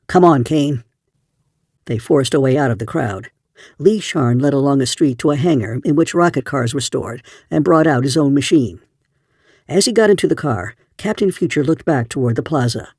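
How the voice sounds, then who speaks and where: A man narrating an audiobook in a steady storytelling voice. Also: mid-range voice, dry recording, clean studio sound. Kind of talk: scripted narration.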